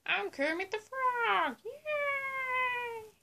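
Woman putting on a cheerful cartoon frog, high-pitched, excited cheering, slow unhurried delivery. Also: vocal fry, full character voice. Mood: cheery.

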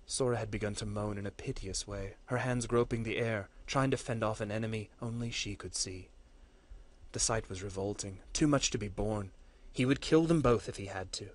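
A man, a course instructor, reading a fantasy story aloud with earnest, steady storytelling and the odd slip. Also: fairly low pitch, normal speed.

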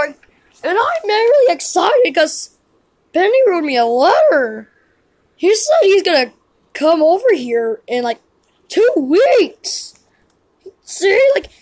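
A squeaky, very high-pitched cartoon girl played by a woman, hyper and easily thrilled. She shrieks and gushes, her voice leaping all over the place while she drags out her words slowly. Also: exaggerated voice, poor audio. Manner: squealing, shrieking, gushing fan.

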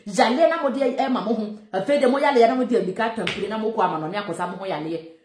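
A woman's voice: a little high, very fast, darkish tone, reverberant, slight background noise. A Ghanaian woman giving emphatic, mocking commentary on a viral clip, mixing Twi and English. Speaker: social commentator.

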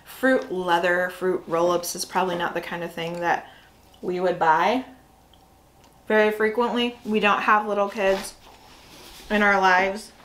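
A woman's voice: mid-range voice, flat delivery, a little slow, pauses often, a bit bright, slight background noise, poor audio. A woman hosting a casual snack review, chatty and full of fillers as she thinks aloud. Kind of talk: casual food review chat.

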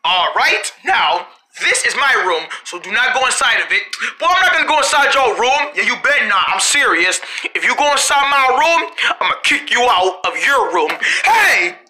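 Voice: mid-range voice, sing-song, normal speed, bright, forceful tone. A performer voicing a bossy, lecturing character in a homemade cartoon.

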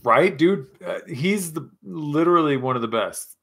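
A man's voice: fairly high pitch, animated, normal speed, gravelly, few pauses, a bit bright, husky. A man hosting a casual live chat with viewers, rowdy, joking and profane, a little tipsy. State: tipsy from scotch. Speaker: livestream host.

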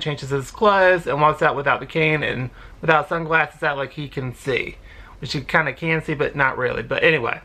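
A woman's voice: low-pitched, sharp tone. A woman hosting her own reaction channel, recapping a TV episode in a casual, rambling way with frequent ums and short laughs. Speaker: reaction video host.

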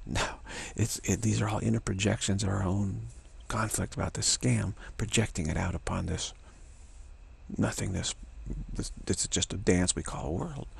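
A man's voice: on the low side, steady tone, normal speed, vocal fry, husky, no room sound. A man giving an informal spiritual talk, rambling and laughing as he acts out imagined voices. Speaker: spiritual teacher.

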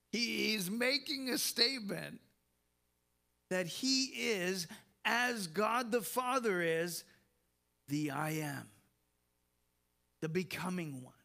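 A man preaching a sermon as pastor, slow and emphatic, with soft laughs and repeated words. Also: high voice.

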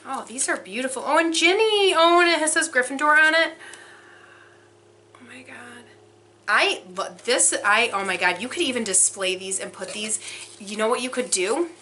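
A young woman excitedly unboxing a subscription box for her vlog, gushing and exclaiming as she goes. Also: sits high, moderate pace. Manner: gushing, breathless, frequent exclamations.

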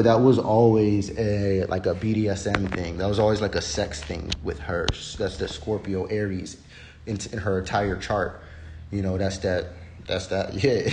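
Warm and fairly low, a man's voice carries a casual, unscripted livestream rant full of bluntness and swearing. He rambles and keeps restarting, with slight background noise and a roomy echo in the recording.

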